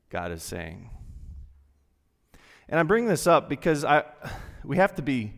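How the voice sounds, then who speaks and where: A male pastor giving a sermon in a church, speaking earnestly and conversationally with dramatic pauses. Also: a little high, sing-song, vocal fry, a bit bright. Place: church sanctuary. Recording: long reverb from a large hall.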